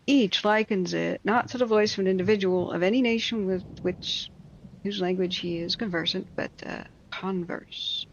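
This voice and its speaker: A woman reading a classic story aloud, breaking off for wry, mocking asides and quick explanations of old words. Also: medium pitch, gravelly, highs cut off, slight background noise. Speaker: reader.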